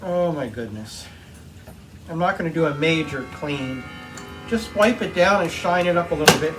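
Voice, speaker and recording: A man's voice: a little high, lively intonation, moderate pace, over music. A man hosting his own workshop channel, telling a heartfelt, rambling story full of ums while he cleans something. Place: home workshop. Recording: distant mic with faint room noise.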